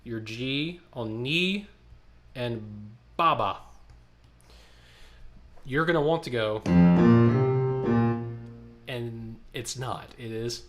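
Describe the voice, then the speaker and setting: A man's voice: mid-range voice, very slow, long pauses, over loud music. Man leading a choir rehearsal. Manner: counts and speaks syllables aloud, then sings demonstration lines. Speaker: choir director.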